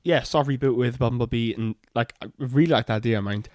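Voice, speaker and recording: A man's voice: mid-range voice, brisk, a little mellow, dry recording, clean studio sound. Easygoing man chatting on a podcast. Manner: easygoing, brief interjections. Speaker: podcast co-host. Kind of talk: casual chat about films.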